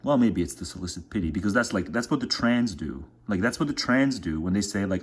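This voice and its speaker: A man's voice: on the low side, lively intonation, fairly quick, few pauses, slightly rough. A man vlogging in a casual, meandering way, full of filler words, talking while making dinner. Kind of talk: casual rambling monologue.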